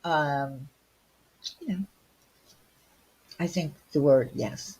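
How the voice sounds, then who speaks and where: A woman's voice: sits low, extremely slow, long pauses, mellow, slightly rough, highs cut off. A woman from Long Island, hosting a casual livestream and ranting bluntly with rhetorical questions. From Long Island, New York. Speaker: livestream host.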